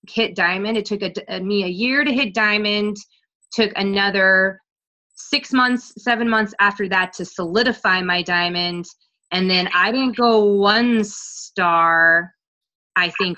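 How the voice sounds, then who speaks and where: A woman with a mid-range voice appears as a guest coach in a casual interview, speaking frankly about her coaching journey. Her retelling gets animated, and she swears freely throughout.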